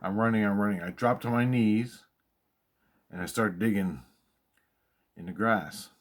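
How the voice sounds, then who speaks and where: A man with a fairly low voice tells a personal story in a casual monologue. He is excitable and profane, and he repeats himself when he wants to stress a point. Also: a little slow.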